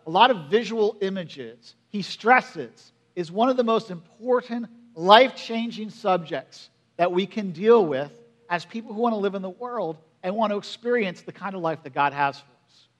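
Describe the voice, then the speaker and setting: A man's voice: sits high, animated, normal speed. A man in his forties preaching a sermon in a conversational way, often asking the congregation questions. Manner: drops to a quiet, hushed voice at emotional moments. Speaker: pastor.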